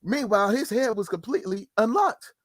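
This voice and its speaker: A man's voice: sits high, expressive, brisk, no room sound. A man co-hosting a podcast, chatting casually, laughing often and adding short agreeing remarks. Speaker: podcast co-host. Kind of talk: casual comedic chat.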